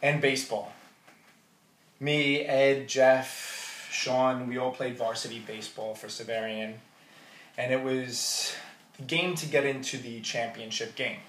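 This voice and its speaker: A man's voice: medium pitch, steady tone, unhurried. A man giving a wedding toast, telling jokey stories about the groom. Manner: storytelling, jokey and warm toward the groom. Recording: roomy hall audio from a distance.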